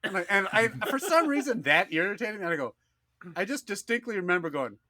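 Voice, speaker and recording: Casual male podcast host in his thirties, lively and bright, rambling anecdotes. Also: sits high, quick pace, no room sound, clean studio sound. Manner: rambling, many "like"s, acts out quotes. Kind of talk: casual storytelling.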